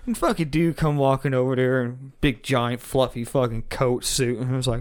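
A man who works as a forklift mechanic, telling work stories in a casual, profane, animated way and calling the other speaker "dude". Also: mid-range voice, moderate pace, hardly any pauses. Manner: animated storyteller, heavy swearing, says "dude" often.

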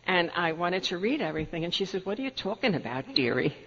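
A woman's voice: fairly low pitch, very animated, fast talker, a bit bright. An older woman with a New York accent, telling stories from her own life at a meeting, laughing through them. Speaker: Al-Anon speaker. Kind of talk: storytelling talk at a meeting. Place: meeting hall. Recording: dull lo-fi recording with faint room noise.

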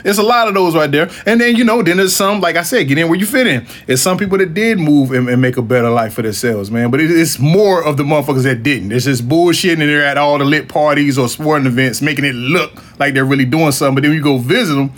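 A man with a somewhat high-pitched voice holds forth on a casual podcast. He talks bluntly and swears freely, rambling through restarts and breaking into laughs now and then. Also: a little fast. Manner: blunt, profane and emphatic. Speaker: podcast host.

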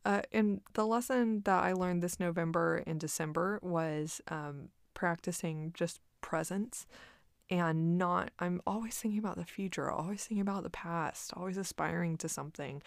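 A woman's voice: lowish voice, gravelly, no echo, studio quality. A young woman talking casually about her month, with many fillers and frequent laughter. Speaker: vlogger. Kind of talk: casual personal reflection. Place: home in Austin.

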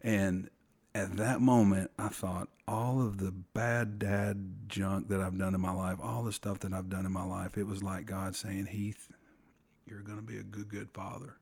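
A middle-aged man telling a personal faith story on a podcast, earnest and halting, often restarting his sentences. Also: deep voice, flat delivery, a little mellow, husky. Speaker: podcast guest.

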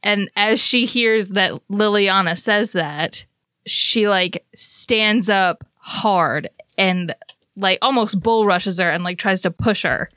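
A woman at a mid pitch with a bright, forceful tone, playing in a tabletop game. She talks excitably and laughs a lot. The sound is dry and close. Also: slow pace, no echo. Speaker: player. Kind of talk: casual tabletop play.

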